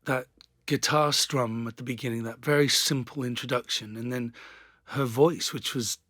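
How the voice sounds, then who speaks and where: A man's voice: mid-range voice, fairly even intonation, moderate pace, a bit bright, no echo, clean studio sound. A man in his forties with a Welsh accent, chatting casually as a guest and laughing often. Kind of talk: casual chat.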